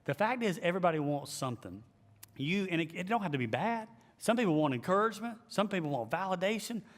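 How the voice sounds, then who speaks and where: A man who is a pastor, giving an emphatic, animated leadership teaching and repeating his key phrases. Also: high voice, fast talker. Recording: long hall reverb.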